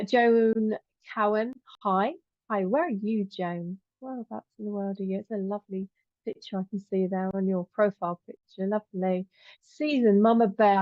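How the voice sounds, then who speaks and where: A woman's voice: mid-range voice, no room sound, muffled recording. A middle-aged woman hosting a live stream, chatting affectionately as she greets viewers and calls them "my lovely". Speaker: host and angel teacher.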